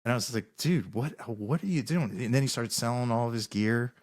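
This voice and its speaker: A man's voice: medium pitch, expressive, brisk. A man, a musician guest on a podcast, telling rambling stories in casual interview talk with many restarts.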